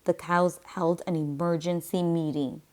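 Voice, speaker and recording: A woman teacher reading a picture book aloud slowly and deliberately, pausing for comprehension questions. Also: on the low side, little pitch movement. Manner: slow, deliberate read-aloud.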